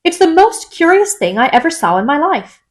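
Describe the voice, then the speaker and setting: A woman's voice: extremely high pitch, very animated, moderate pace, voice pushed up. A woman voicing a polite, curious young girl in a storybook reading, earnest and a little timid.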